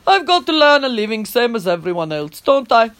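A calm, unbothered cart driver in a storybook, speaking plainly and matter-of-factly, as a woman reader puts him on. His lines still bounce with a lively lilt. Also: fairly high pitch, brisk.

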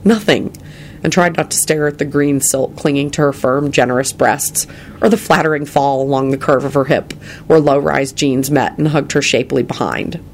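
A woman reading a romantic fantasy story aloud in steady, even storytelling narration. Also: a bass voice, normal speed, slight background noise. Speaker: reader. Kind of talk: audiobook narration of fan fiction.

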